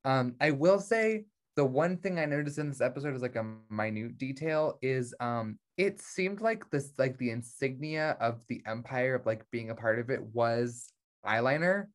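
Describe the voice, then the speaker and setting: A man's voice: medium pitch, lively intonation, normal speed. A man co-hosting a casual review podcast, talking bluntly and swearing freely. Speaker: podcast co-host.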